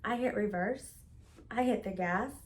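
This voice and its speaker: A young woman telling a personal story in a casual, profane, animated way, acting out the lines of the people in it. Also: mid-range voice, a little slow. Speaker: storytelling vlogger.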